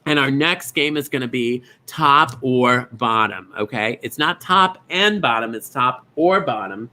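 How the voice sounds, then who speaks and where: Bubbly, bright-voiced male bingo host. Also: medium pitch, measured pace. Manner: chatty, gushing, rambling and scattered. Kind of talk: live-streamed host greeting viewers.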